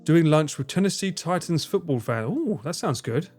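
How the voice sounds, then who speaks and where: Male streamer, casual live chat, self-deprecating, slightly high voice, light music bed. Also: lively intonation, moderate pace, darkish tone. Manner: chatty, self-mocking, reads chat aloud.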